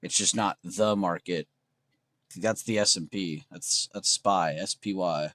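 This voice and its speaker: A young trading livestream host with a deep voice talks a little slowly, with no room sound in the recording. He chats casually with his viewers in a relaxed, slangy way, addressing chat as "bro" and "dude."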